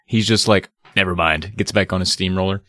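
A relaxed man with a low voice, co-hosting a casual podcast. His speech sounds dry and close to the mic, and he chats and laughs easily with his partner. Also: no room sound. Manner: laid-back, quick to laugh. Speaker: podcast co-host.

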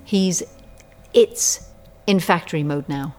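An actress playing a brisk, businesslike technician who gives crisp commands. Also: female voice, low voice, a little mellow.

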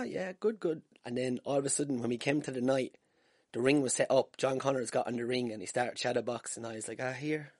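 A man's voice: mid-range voice, darkish tone, slightly rough, no echo, clean studio sound. An Irish man hosting a casual solo podcast from home, telling stories with swearing and self-deprecating humour. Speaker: podcast host. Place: room at home. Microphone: wired podcast mic.

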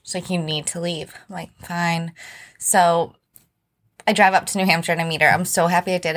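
A woman's voice: on the low side, a bit bright. A woman hosting her own podcast, talking casually and venting about her week, with lots of "like". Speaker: podcast host. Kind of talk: casual solo podcast recap.

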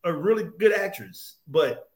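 A man co-hosting a casual show recap, ranting with lots of swearing and cracking himself up. His voice sits a little high for a man. The sound is roomy, with a clear echo around him. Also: measured pace. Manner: profane, animated ranting with laughs. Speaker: podcast co-host.

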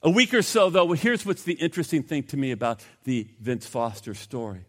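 A man preaching a sermon as pastor, swinging from loud emphasis to hushed, grave asides. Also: medium pitch, fairly quick. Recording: long reverb of a hall.

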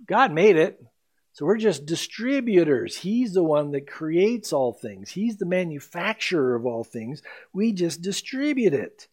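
Casting: emphatic male pastor, fairly high voice, teaching verse by verse. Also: big pitch swings, a little mellow. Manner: emphatic, reads scripture aloud slowly, then explains. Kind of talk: expository sermon.

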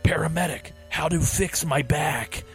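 A man's voice: on the high side, unhurried, faint music behind, pitched above the performer's own voice. A man reading as a whimpering, hapless soldier. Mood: pleading. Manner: whimpering, pleading. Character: hapless broken-backed male soldier.

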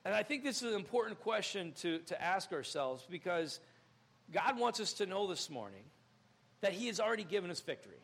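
A young man preaching in a church, with a high voice that has a gravelly edge. He is animated, acting out little scenes and jumping to loud outbursts. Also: a little fast. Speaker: pastor. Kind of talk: sermon.

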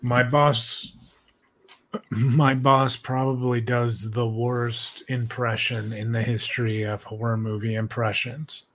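A man's voice: medium pitch, flat delivery, takes it slowly, fairly bright tone, slight background noise. A young man hosting a podcast, chatting casually in a laid-back, rambling way with lots of swearing. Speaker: podcast host.

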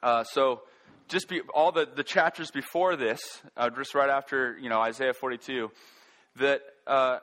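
A man preaching a sermon, earnest and halting, often restarting his sentences. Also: medium pitch, a bit bright. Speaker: pastor.

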